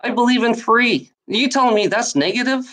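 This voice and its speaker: A woman's voice: on the high side, a little fast, a bit bright. A woman in a heated, repetitive monologue, swearing often and speaking straight at someone as she rants. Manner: profane, repetitive, heated, addresses someone directly. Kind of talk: angry ranting monologue.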